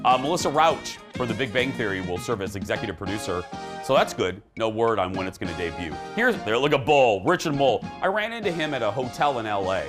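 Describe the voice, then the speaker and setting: A man hosting an entertainment talk show, chatting casually with an animated, joking and emphatic manner. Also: mid-range voice, fast talker, over music.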